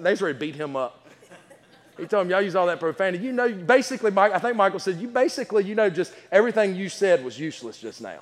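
A man's voice: sits high, expressive, racing. A man preaching a sermon in a church, telling folksy stories with lots of stammered restarts. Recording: reverberant church hall.

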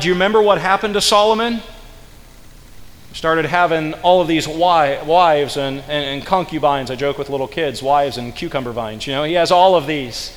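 A man preaching a sermon, swinging between hushed low passages and loud emphatic peaks, and slowing right down when he quotes scripture. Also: long reverb tail, rough recording. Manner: slow, drawn-out delivery when quoting scripture.

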